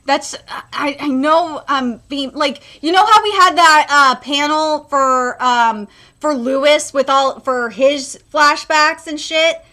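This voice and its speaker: A woman streaming a live manga reaction, rambling with many fillers and restarts, and getting loud and emotional when moved. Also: high voice, slow.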